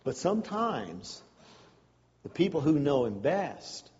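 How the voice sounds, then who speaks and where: Pastor type, casual explainer delivering a sermon, long hall reverb, slightly muffled recording. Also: male voice, on the high side, very animated, slow, darkish tone. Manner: conversational, folksy asides.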